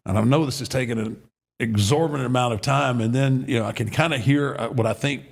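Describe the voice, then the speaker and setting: A man's voice: medium pitch, fast talker, creaky. A man in casual podcast chat, rambling with lots of fillers.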